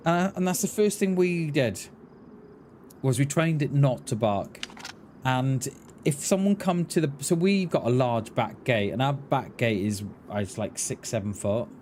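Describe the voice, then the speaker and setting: A man's voice: medium pitch, a little mellow, a little hiss or hum. A man, ranting casually and bluntly while streaming a game. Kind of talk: casual chat while gaming.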